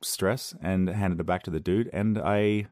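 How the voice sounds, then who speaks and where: Lively young man telling a story. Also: low voice, measured pace, dry recording, clean studio sound. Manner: animated storyteller acting out voices of others, self-mocking. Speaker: podcast host. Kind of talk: casual solo podcast storytelling. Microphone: podcast microphone on a loose cable at home.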